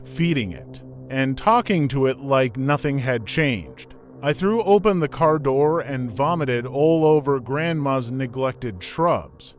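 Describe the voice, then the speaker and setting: A man narrating a scripted horror story in a steady, measured reading. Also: mid-range voice.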